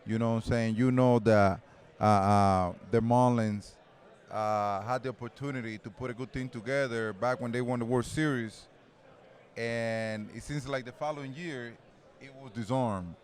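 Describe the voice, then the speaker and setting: A man in his forties speaks English with a Spanish accent, chatting loosely as an interview guest outdoors at an event. He rambles, restarts his sentences and laughs easily, at an ordinary pitch. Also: fairly even intonation, moderate pace, clear, resonant tone. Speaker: interview guest, retired baseball player. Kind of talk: casual interview.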